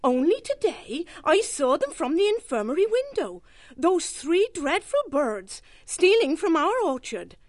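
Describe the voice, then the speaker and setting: Very high, shrill mouse nun, dry close mic. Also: female voice, big pitch swings, a little slow, dry recording, exaggerated voice. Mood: indignant. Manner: shrill and indignant. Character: indignant little female mouse nun. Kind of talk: full-cast audiobook acting.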